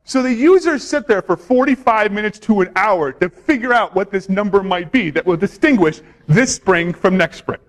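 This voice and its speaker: A man's voice: sits high, animated, normal speed, few pauses. A man giving a conference talk on security, joking and quizzing the audience. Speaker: conference speaker.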